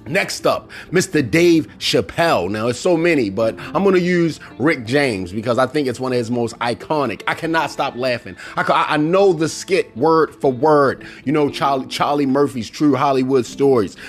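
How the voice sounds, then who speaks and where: A man's voice: medium pitch, normal speed, hardly any pauses, faint music behind. A middle-aged man hosting a casual solo podcast, talking animatedly and acting out movie lines. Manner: animated, quotes movie lines in put-on voices. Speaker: podcast host.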